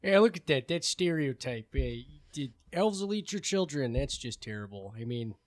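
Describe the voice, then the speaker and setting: A man's voice: mid-range voice, very animated, normal speed. Male player at the table: dry, playful in-character joking. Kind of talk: tabletop role-play banter.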